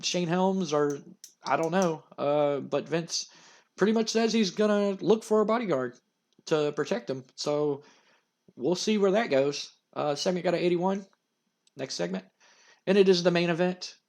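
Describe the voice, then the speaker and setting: A man casually narrating a wrestling management game, excitable and full of fillers. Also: sits high. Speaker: gamer narrating a wrestling sim.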